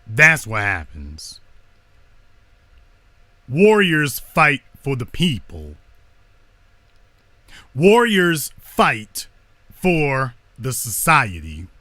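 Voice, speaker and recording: A man giving a slow, deliberate lecture, speaking emphatically and repeating his key lines. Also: fairly high pitch, pushed and bright, dry recording.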